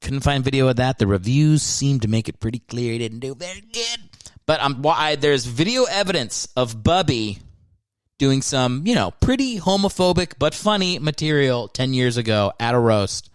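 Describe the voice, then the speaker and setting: A man's voice: mid-range voice, animated, moderate pace, clean tone, no room sound. A man hosting a podcast, rambling through a casual monologue and poking fun at himself. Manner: rambling, self-mocking. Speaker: podcast host.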